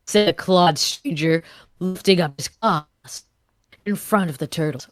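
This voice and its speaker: A woman's voice: on the low side, a little slow, dry recording. A woman hosting a comedy podcast, reading fan fiction aloud with playful asides. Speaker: podcast host.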